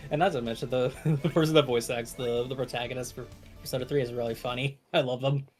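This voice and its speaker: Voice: medium pitch, steady tone, fast, darkish tone, faint music behind. A co-streamer chatting casually during a game stream, laughing mid-sentence. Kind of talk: casual let's-play chat.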